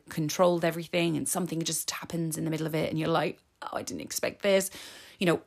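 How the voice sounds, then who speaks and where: A woman's voice: deep voice, gravelly. A woman in her forties hosting a solo podcast, talking in a chatty, candid and openly emotional way. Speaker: podcast host. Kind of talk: casual solo podcast talk.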